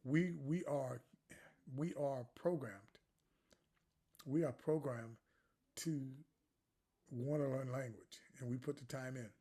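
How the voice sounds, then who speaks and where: A man's voice: mid-range voice, fairly even intonation, slow, long pauses, dark tone. An older man, a jazz educator, giving a chatty, digressive lecture on phrasing and now and then singing syllables to show it.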